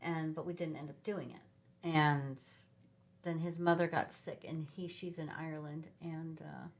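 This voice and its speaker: A middle-aged woman from Sacramento, California, speaks in a low, slightly slow voice. Appearing as a podcast guest, she rambles through animated travel anecdotes full of ums and restarts, keeping the storytelling relaxed and conversational.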